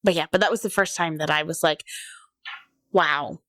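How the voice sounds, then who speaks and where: A woman's voice: deep voice, steady tone, fast talker, a bit bright, no echo, clean studio sound. A woman in her thirties co-hosting a podcast, candidly telling a personal story and acting out what people said to her. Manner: candid personal storytelling, acts out quoted voices. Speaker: podcast co-host. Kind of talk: casual chat.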